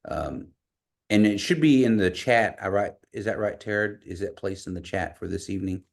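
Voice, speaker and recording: A man teaching an online language class over a video call, patiently repeating words slowly for learners. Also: on the low side, gravelly.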